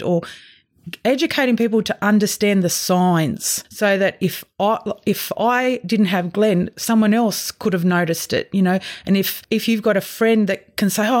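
A woman's voice: mid-range voice, a little mellow. A middle-aged Australian woman telling her own story in a candid, emotional interview. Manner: open and emotional, quick asides. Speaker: guest sharing her recovery story.

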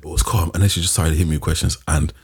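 A man with a very low voice chats quickly and casually as a podcast host. He tells stories in an animated, slangy way, swearing freely as he goes. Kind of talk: casual chat.

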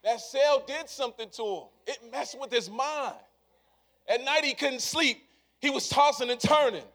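Man, preacher, sermon, very high pitch, repetitive rhetoric, hushed then loud. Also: moderate pace. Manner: casual, conversational phrasing.

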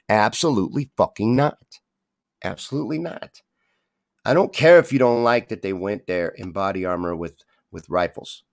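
A man's voice: on the low side, vocal fry, no echo, clean studio sound. A man hosting a live online show, talking casually to viewers, reading their comments and getting heated and swearing. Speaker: host. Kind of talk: casual livestream talk, reading chat.

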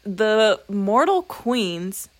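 A woman's voice: medium pitch, big pitch swings, very slow. A young woman co-hosting a casual book podcast, chatty and questioning, with wry asides. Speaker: podcast co-host.

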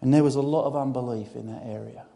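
A man giving a sermon as a guest preacher, emphatic and given to sudden loud outbursts. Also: mid-range voice, fairly even intonation, quick pace, vocal fry. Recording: long church-hall reverb.

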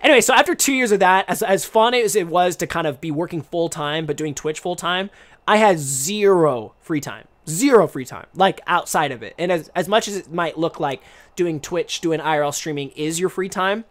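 A man's voice: on the high side, lively intonation, normal speed, a bit bright. A young man streamer and English teacher talking casually to camera, rambling and restarting his sentences with lots of fillers. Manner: rambling, self-interrupting, many fillers.

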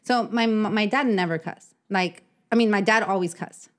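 A woman's voice: medium pitch, moderate pace. A woman in her thirties hosting a podcast, telling stories in casual chat and laughing a lot. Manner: chatty storyteller who laughs a lot. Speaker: podcast host.

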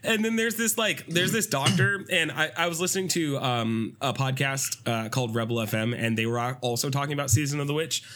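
A man on a podcast casually retelling a movie plot, swearing freely and jumping into high, silly voices for the characters. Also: brisk, hardly any pauses. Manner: animated storytelling with swearing, doing high-pitched quoted voices and laughing. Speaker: podcast co-host.

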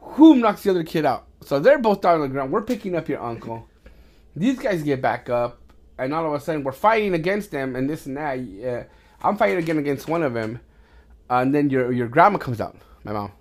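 Rambling, profane dad telling stories. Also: male voice, a little high, fairly quick. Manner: rambling, with many restarts and swearing; gets loud and animated in fight stories. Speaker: podcast host talking with his son. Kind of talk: casual storytelling chat.

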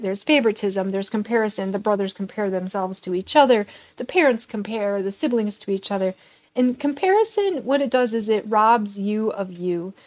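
A woman's voice: mid-range voice, a little mellow. A woman reading scripture aloud and then teaching a casual Bible lesson in an earnest, conversational way.

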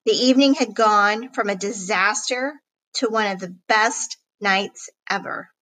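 A woman reading a children's chapter book aloud in a slow, clear storytelling way. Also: medium pitch, pushed and bright, rough recording. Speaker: audiobook reader.

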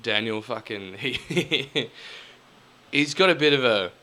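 A man's voice: medium pitch, slow. A man, co-hosting a podcast and telling rambling, sweary stories in casual chat. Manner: storytelling, swearing, animated impressions. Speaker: podcast co-host.

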